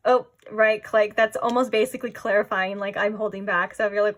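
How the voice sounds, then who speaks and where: A woman giving a casual pick-a-card tarot reading, rambling and filling her talk with "like", often dropping into soft, musing asides. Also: mid-range voice, little pitch movement, a little fast. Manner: rambling, heavy use of "like". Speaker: tarot reader.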